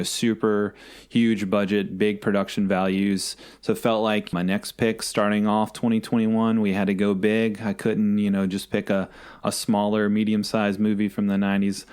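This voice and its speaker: Deep-voiced male podcast co-host. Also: a little mellow. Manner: rambling, self-correcting, teasing. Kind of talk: casual chat.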